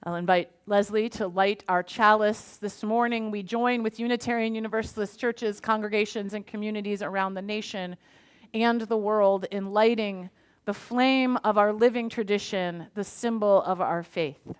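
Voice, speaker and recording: A woman minister, leading a Sunday worship service in a church sanctuary. She moves between chatty, self-deprecating remarks and a measured reading of poetry. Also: mid-range voice, fairly even intonation, clean tone.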